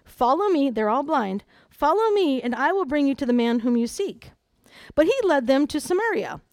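A woman preaching at a conference, reading a Bible story aloud with lively asides and dramatized quotes. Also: high-pitched, moderate pace, no room sound. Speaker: conference speaker. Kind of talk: sermon with scripture reading.

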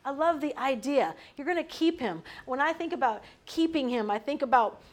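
A woman leading a Bible study, teaching in an animated way and putting questions to her group. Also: high voice, normal speed.

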